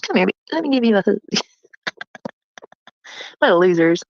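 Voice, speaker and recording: A woman's voice: medium pitch, very animated, a little slow, a little mellow, muffled recording. A woman hosting a casual livestream chat, taunting and mocking her critics and laughing often. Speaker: livestream host.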